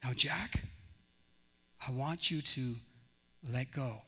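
A man voicing a calm, patient divine spirit who speaks gently and unhurriedly in a sermon story. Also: mid-range voice, takes it slowly, slightly rough, pitched below the performer's own voice, full character voice. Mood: gentle. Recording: long reverb in a large hall.

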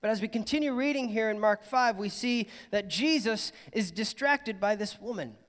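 A man's voice: sits high, moderate pace, a bit bright, big-room sound. A man preaching a sermon in church, earnest and personal, sometimes voicing people's imagined thoughts. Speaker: pastor.

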